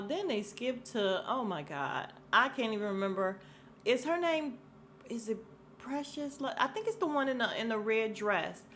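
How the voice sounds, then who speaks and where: A woman's voice: mid-range voice, fairly bright tone, slight background noise. Sassy woman recapping TV, candid. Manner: candid, sassy, laughs often, quotes people in voices. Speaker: podcast host. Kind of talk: casual TV recap chat.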